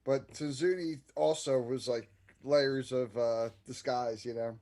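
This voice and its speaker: A man's voice: mid-range voice, steady tone, a little slow, dark tone. A man co-hosting a livestreamed talk show in casual chat. He is loose and easygoing and makes crude jokes. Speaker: co-host.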